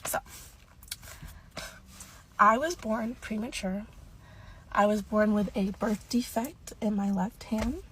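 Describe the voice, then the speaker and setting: A woman in her twenties speaking hesitantly and emotionally about something personal, with many pauses. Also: medium pitch, a little hiss or hum, poor audio. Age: 20s. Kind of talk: personal confession to camera.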